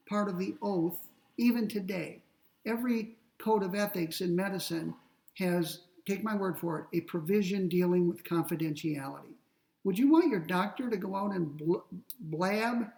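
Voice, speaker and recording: A man lecturing on ethics, explaining step by step in a deliberate way and slowing down to read quoted passages. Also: high-pitched, gravelly, a little mellow, recorded from a distance, poor audio. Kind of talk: classroom lecture.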